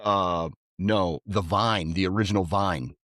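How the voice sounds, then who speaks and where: His deep voice moves at an unhurried pace as he co-hosts a podcast and spins casual stories. He gets animated, raising his voice to act out quotes, and the studio-quality audio carries no echo.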